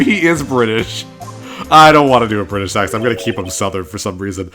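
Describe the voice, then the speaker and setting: A man's voice: on the low side, lively intonation, fast, fairly bright tone, soft background music. A man giving chatty, enthusiastic commentary while playing through a game. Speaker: let's play host.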